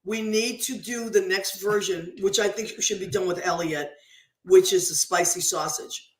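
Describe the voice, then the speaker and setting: Woman, radio host, casual, effusive, middle pitch, echoey room. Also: steady tone, moderate pace. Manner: chatty and effusive, gives shout-outs.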